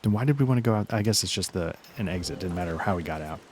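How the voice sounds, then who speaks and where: A man's voice: sits low, lively intonation, racing, darkish tone, a little hiss or hum. A man hosting a let's play, chatting casually and rambling through self-deprecating asides while he games. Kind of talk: casual commentary while gaming.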